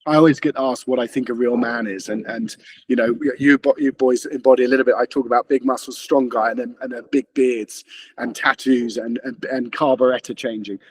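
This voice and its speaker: A man's voice: mid-range voice, breathy edge. A man speaking as an interview guest, earnest and full of restarts. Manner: earnest, rapid, frequent restarts. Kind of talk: conversational interview.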